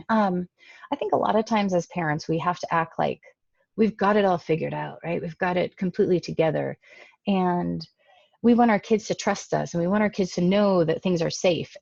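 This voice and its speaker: A woman's voice: medium pitch, vocal fry, darkish tone, no echo, dull audio. A woman giving a casual, emphatic talk to parents over a computer mic. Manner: conversational, emphatic. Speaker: presenter speaking to parents.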